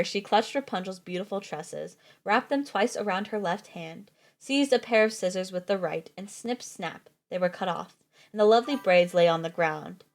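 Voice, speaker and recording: A woman streamer reading fairy tales aloud, breaking off for joking, swearing asides and stumbling over words. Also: lowish voice. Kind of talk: storybook reading with casual commentary.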